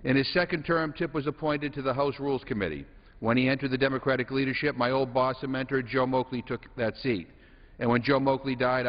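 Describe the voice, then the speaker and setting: A man speaks on the floor of a legislative chamber in an earnest, heartfelt tribute, now and then restarting a phrase. A long hall reverb follows his mid-range voice, and the sound is slightly dull. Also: mid-range voice. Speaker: congressman. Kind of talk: floor speech.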